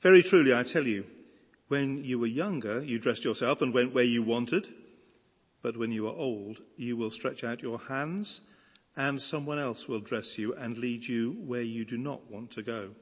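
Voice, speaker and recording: A man reading a Bible passage aloud in church, in a measured, expressive reading voice. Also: medium pitch, slightly rough, in a large hall. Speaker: scripture reader. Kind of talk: scripture reading.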